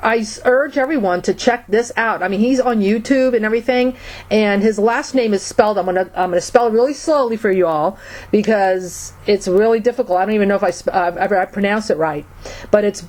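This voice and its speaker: A woman's voice: mid-range voice, a little mellow. Hesitant woman guest, filler-heavy speech. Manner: hesitant, many fillers and restarts, spells slowly. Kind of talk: casual conversation.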